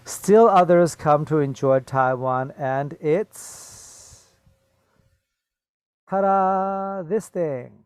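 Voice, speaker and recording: A male English teacher with a middle-pitched voice talks slowly and patiently. He repeats each word and keeps checking that his students follow with a quick "okay?". He is recorded close to the mic in a dry room with no echo. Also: animated, darkish tone. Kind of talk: classroom vocabulary lesson.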